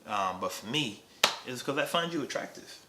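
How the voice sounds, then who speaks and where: A man's voice: mid-range voice, expressive, moderate pace, heavy background noise. A man in his thirties, a husband in casual couple chat, who teases his wife in a playful way with many fillers and laughs. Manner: teasing, playful, full of laughs and filler words. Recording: echoey room.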